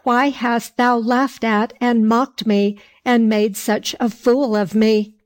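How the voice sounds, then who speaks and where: A woman voicing a hot-tempered, drunken peasant man in a fairy tale, read slowly. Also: on the high side, level tone. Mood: angry.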